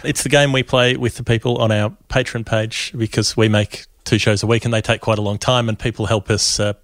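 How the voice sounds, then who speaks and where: A man's voice: medium pitch, no room sound, studio quality. A man co-hosting a cricket podcast, talking in a playful, jokey, rambling way. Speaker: podcast co-host. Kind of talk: casual cricket chat.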